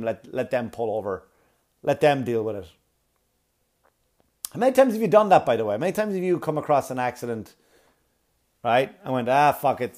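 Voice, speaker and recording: A man's voice: medium pitch, darkish tone. Profane rambling man telling a story. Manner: rambling, profane, conversational asides to viewers. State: has a cold, sniffly. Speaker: comedian. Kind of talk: casual storytelling monologue.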